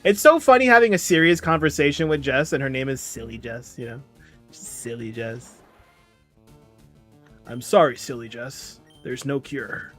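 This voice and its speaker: A man's voice: medium pitch, moderate pace, a bit bright. A tired young man chatting casually on a livestream, reading chat and rambling along. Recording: music playing faintly behind. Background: faint background music.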